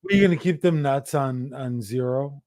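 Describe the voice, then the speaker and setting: A man's voice: medium pitch, normal speed, darkish tone, dry recording, studio quality. A man chatting casually as a livestream guest, making teasing, joking asides. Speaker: co-host guest. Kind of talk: casual chat.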